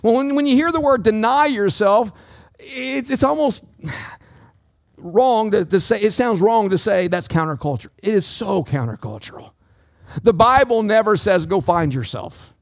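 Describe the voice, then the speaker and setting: A man with a high voice preaches a sermon from the pulpit, calling out to his congregation. His delivery swings in pitch and pace, and his voice sounds dry and close. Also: expressive, moderate pace, vocal fry, no echo. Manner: preaching with call-outs to the congregation. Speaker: pastor.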